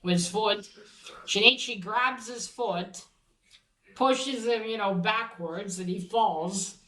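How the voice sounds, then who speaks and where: A woman with a bright, ringing voice talks through the plot of a manga volume. She rambles and stumbles, restarting sentences and filling pauses as she goes, and she swears now and then in an offhand way. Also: mid-range voice. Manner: rambling, halting, many fillers and restarts; swears casually. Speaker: manga reviewer. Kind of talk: casual plot recap and book showing.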